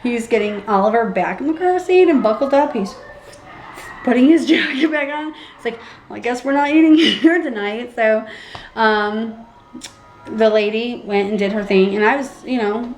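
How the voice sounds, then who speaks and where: A young pregnant woman vlogging casually, animated and acting out what people said with big jumps in her voice. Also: moderate pace. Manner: animated, acts out quotes with big pitch jumps. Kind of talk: casual storytelling vlog. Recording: echoey room with faint background hum.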